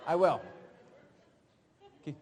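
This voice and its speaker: A man leading a live sales training seminar, coaching the room in an animated way with quick asides. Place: large seminar hall. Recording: hall reverb.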